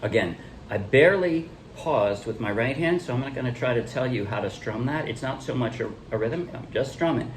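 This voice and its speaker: A man's voice: mid-range voice, a little hiss or hum. A man teaching a ukulele song, talking loosely with restarts as he counts beats and shows chord changes. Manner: relaxed, halting explanations with counting and calling out strums. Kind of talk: casual music tutorial.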